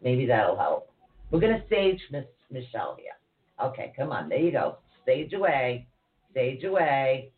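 A chatty woman co-host who rambles and jokes through a casual livestream chat. Her voice comes through narrow and tinny, like a phone line. She greets people warmly by name as she talks. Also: rumbling low, very animated, a little slow.

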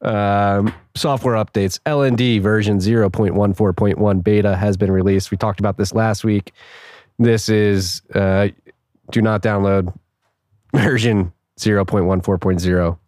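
A man's voice: lowish voice, fairly even intonation, a little slow, a little mellow, dry recording, clean studio sound. A man co-hosting a podcast, chatting casually and reading out news with jokes, laughs and fillers. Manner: joking, laughs often, trails off with fillers. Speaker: podcast co-host.

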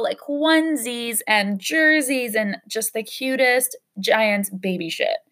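Candid young woman with a gravelly voice. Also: on the high side. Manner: candid, emotional, with frequent fillers and swearing. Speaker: podcast host. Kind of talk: personal storytelling monologue.

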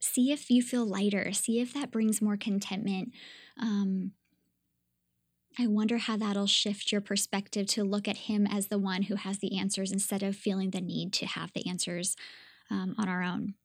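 A woman in her thirties hosting a devotional podcast, speaking earnestly and gently as she invites listeners to reflect. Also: medium pitch, little pitch movement, normal speed, slightly rough, dry recording, studio quality. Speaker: podcast host.

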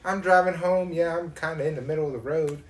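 Brief: male co-host, casual chat, profane and animated storyteller. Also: fairly high pitch, fast talker, roomy sound.

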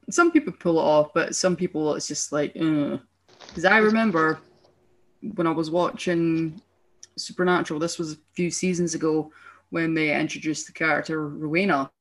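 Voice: medium pitch, fairly bright tone. A young adult speaker from Scotland with a Scottish accent, chatting casually on a podcast and rambling animatedly with frequent restarts. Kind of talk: casual chat.

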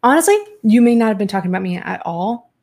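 A woman hosting a casual commentary chat, reading viewer comments aloud and talking bluntly, with swearing and quick restarts. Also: mid-range voice, lively intonation, darkish tone. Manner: quick, talkative, many restarts.

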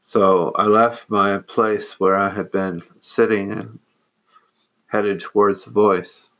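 A man, a monk, telling a personal story in a measured, earnest way with hesitant pauses. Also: lowish voice, steady tone, a bit bright.

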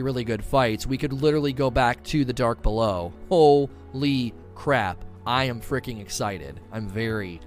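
A man commentating live on a stream, excitable, with quick bursts of enthusiasm and fillers. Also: mid-range voice.

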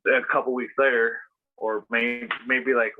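A man's voice: mid-range voice, little pitch movement, measured pace, slight background noise. A man telling a rambling story casually as a podcast host, full of fillers and swearing. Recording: tinny phone-like sound.

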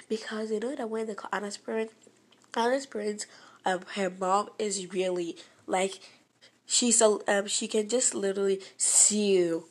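A woman telling a dramatic personal story in an animated, rambling way. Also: mid-range voice, a little slow, slightly rough. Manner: animated, rambling with fillers and restarts.

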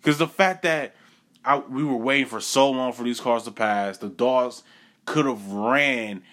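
A young man narrates a personal story in a casual, lively manner. He repeats short phrases for emphasis and slips into acting out the people he quotes. His voice sits at an ordinary pitch for a man. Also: unhurried. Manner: animated, repeats phrases for effect, acts out quotes.

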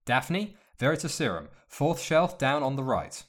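A man's voice: medium pitch, very animated, unhurried, voice pushed up. Man doing a commanding young wizard. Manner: curt, issues orders. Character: teenage boy wizard, calm and commanding.

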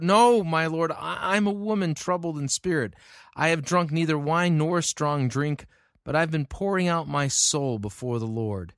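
A man's voice: medium pitch, no room sound, clean studio sound. A man reviewing a sermon, reading scripture aloud and answering the preacher with sarcastic, exasperated remarks. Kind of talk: critical commentary.

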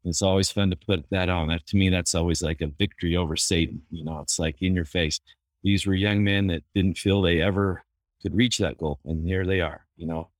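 A therapist chats casually, a man with a somewhat low voice who drifts through anecdotes with easy fillers. The sound is dry and close, with no room around it. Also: steady tone, fairly quick, dry recording. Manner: easygoing, anecdotal, many fillers. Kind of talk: casual storytelling.

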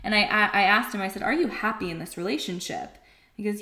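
A woman recounts a painful personal story in a frank, conversational way. She is emotional and animated, and she briefly acts out the voices of other people. Her voice carries a roomy echo. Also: medium pitch, fast talker. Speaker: podcast guest telling her story.

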